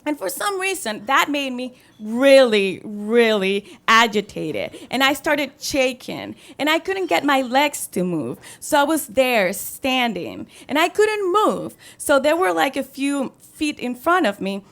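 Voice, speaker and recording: A woman's voice: high-pitched, measured pace, gravelly, few pauses. A young woman, telling a true story on a stage with wry humor and acted-out voices. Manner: animated, wry and self-mocking, acting out the voices. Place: theatre stage.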